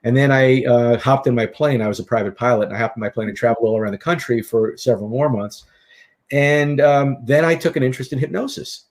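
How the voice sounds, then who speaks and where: A middle-aged man, a guest author and speaker, telling stories in an animated, casual interview. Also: mid-range voice, quick pace. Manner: animated anecdotal storyteller.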